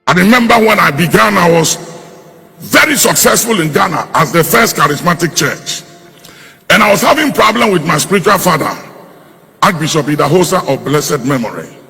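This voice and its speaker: A male preacher telling a story from the pulpit, with a gravelly, raspy voice. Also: on the high side, lively intonation, moderate pace, pushed and bright, soft background music. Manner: storytelling, recounting his early ministry. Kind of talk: sermon testimony. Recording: reverberant hall.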